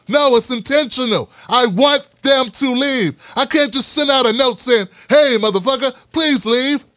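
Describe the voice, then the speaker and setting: Blunt, high-voiced male commentary host. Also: bright, forceful tone, no room sound, studio quality. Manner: blunt, profane, emphatic repetition. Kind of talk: fiery direct-to-camera monologue.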